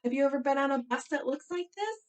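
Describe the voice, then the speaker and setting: A woman children's librarian leading a storytime with a gentle, encouraging, sing-song way of talking to young children. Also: high voice, lively intonation, quick pace.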